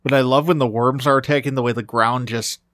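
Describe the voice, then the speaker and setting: A man's voice: mid-range voice, fairly even intonation, fast, a bit bright, no room sound, clean studio sound. A man co-hosting a podcast, talking enthusiastically about a movie, often restarting his sentences mid-thought. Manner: enthusiastic, talks with frequent restarts. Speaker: podcast co-host. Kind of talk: casual film discussion.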